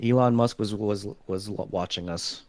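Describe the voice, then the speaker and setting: A man's voice: lowish voice, moderate pace, darkish tone. A man co-hosting a podcast in casual chat, making wry, joking asides. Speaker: podcast co-host.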